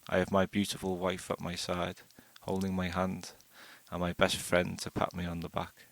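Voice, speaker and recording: A man reading a first-person short story aloud in a steady, unhurried way. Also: deep voice, vocal fry, no room sound. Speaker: audiobook narrator.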